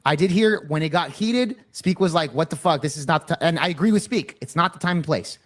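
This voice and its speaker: A man moderates a heated debate, pleading for order and repeating himself to get a word in. His voice sits a little high for a man. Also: a little fast. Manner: tries to calm others, repeats "hold on".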